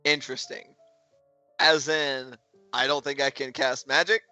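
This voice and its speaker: A man's voice: medium pitch, flat delivery, measured pace, bright, forceful tone, dry recording, faint music behind. Chatty man playing a tabletop game. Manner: chatty, hesitant, laughs often. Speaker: player. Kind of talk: casual tabletop play.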